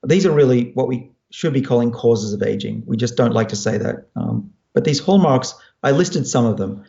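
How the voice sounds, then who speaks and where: In his fifties, this Australian scientist answers audience questions as a guest, explaining his work thoughtfully and restarting often, his accent carrying some American-sounding turns. His mid-range voice is expressive, warm and creaky at a normal speed. The recording is reverberant and muffled.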